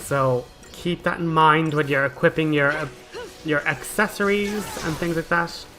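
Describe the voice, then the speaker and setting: A man's voice: on the high side, fairly even intonation, normal speed, sharp tone, faint music behind, low-quality recording. A young man hosting a gaming channel, explaining his game strategy in a chatty, casual way full of "like". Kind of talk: casual gameplay commentary.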